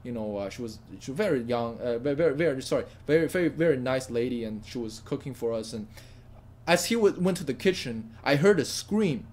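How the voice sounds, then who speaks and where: A young man telling a story to camera in a lively, stammering way, often repeating words as he goes. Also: medium pitch, a little fast. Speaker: vlogger. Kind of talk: casual spoken story to camera.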